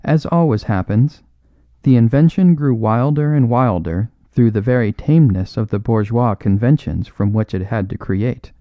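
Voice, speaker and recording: A man narrating a classic mystery story as an audiobook, in a measured, expressive reading. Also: medium pitch, no room sound, lo-fi sound. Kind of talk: scripted narration.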